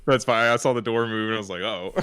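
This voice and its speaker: A man playing a tabletop game on stream, chatting casually in a laid-back way. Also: lowish voice. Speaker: player and streamer. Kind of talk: casual chat. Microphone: boom-arm mic.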